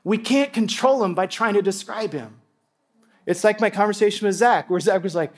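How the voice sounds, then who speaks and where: A man preaching a sermon to a congregation, animated and excitable, dropping from loud bursts to hushed tones. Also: high voice, brisk. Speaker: pastor.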